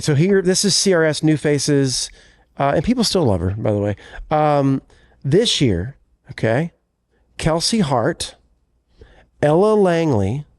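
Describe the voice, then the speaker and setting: A man's voice: on the high side, darkish tone, no echo, clean studio sound. A man co-hosting a podcast in casual chat, rambling and correcting himself as he talks. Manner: rambling, self-correcting, chatty. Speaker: podcast co-host, country singer.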